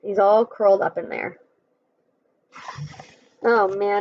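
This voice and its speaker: A woman's voice: mid-range voice, fairly even intonation, slow pace, highs cut off. A woman reading a children's chapter book aloud, adding friendly explanations between passages.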